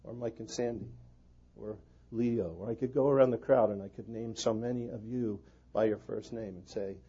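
A male pastor preaching with an earnest sermon delivery, his low, dark and husky voice rising to loud emphasis and sinking to hushed prayer. The recording is dull and lo-fi. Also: steady tone, normal speed.

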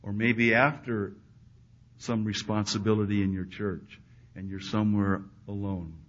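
A man preaching a sermon, swinging between loud emphatic peaks and hushed, quiet asides. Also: on the low side, little pitch movement, a little slow. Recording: dull lo-fi recording.

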